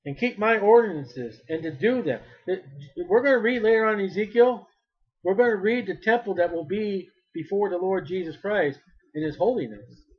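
A man's voice: sits high, expressive, normal speed, slightly rough, highs cut off. A male preacher giving a fervent sermon, repeating his phrases and rising to cries when he quotes.

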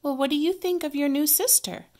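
A woman's voice: high-pitched, brisk, darkish tone, pitched above the performer's own voice, lightly acted. Woman doing a cheerful storybook father. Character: friendly father.

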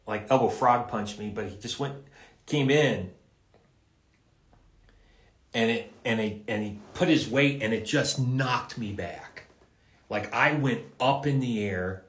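A man, a voice actor, casually telling stories and answering fans' questions in a live session, in a halting way with frequent restarts and repeated words. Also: mid-range voice, fairly bright tone. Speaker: voice actor guest at an autograph livestream. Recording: roomy echo.

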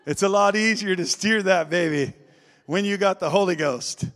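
A man preaching a revival sermon, swinging between shouting and quiet intensity and laughing often. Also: sits high, moderate pace. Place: large church sanctuary. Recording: long reverb of a big hall.

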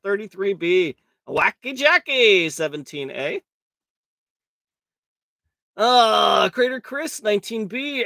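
A raspy-voiced man hosting a live card break, calling out cards in a crude, joking way and laughing often. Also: sits high, pushed and bright, dry recording. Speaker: host of a live trading card box break. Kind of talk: casual live-stream commentary.

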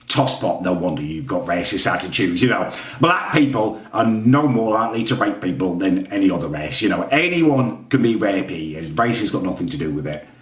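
A man's voice: lowish voice, very animated, normal speed, few pauses, roomy sound, recorded from a distance. A man giving rambling, defensive reaction commentary, sounding exasperated. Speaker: YouTuber reacting to a parody edit of his own videos.

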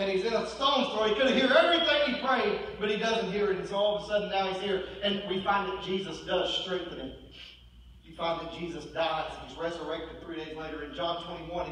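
A man preaching a sermon as pastor, swinging between loud, pressing declarations and hushed, quiet storytelling. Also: high voice, slight background noise. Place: church sanctuary. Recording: echoey church hall, mic at a distance.

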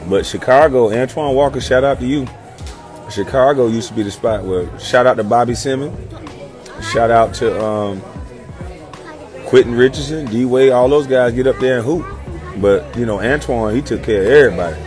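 A man in his thirties chats in a relaxed, playful way. He is full of slang and keeps repeating himself with easy laughs. His voice sits at a middle pitch, with soft music faintly underneath. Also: normal speed, some chatter behind. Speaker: former pro athlete guest. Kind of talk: casual chat.

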